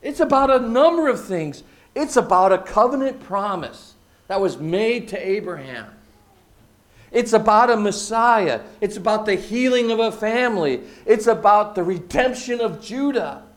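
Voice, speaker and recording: A man preaching a sermon, using emphatic repetition and dropping from loud, stressed phrases to hushed asides. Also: high voice, expressive, normal speed. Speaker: pastor.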